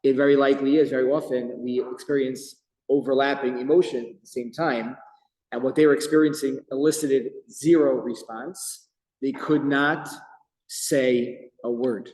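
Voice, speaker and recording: A man teaching a Torah class as a rabbi, telling the story with lively emphasis and quoting Hebrew verses. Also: medium pitch, normal speed. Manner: animated storytelling with Hebrew quotes. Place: office. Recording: echoey room with long reverb.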